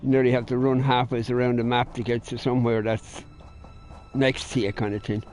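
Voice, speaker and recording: A man's voice: medium pitch, little pitch movement, a little fast, a little mellow. A man giving casual let's-play commentary, grumbling and swearing under his breath as he plays. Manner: grumbling, swearing, muttered asides. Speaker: gamer.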